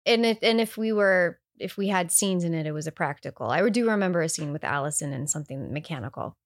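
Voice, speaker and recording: A woman in her thirties chatting as a guest, her voice fairly low with a gravelly edge. She laughs easily and thinks out loud, restarting her sentences. The recording is dry and close. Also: lively intonation, fast talker, no echo. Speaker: actress guest. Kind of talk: casual interview chat.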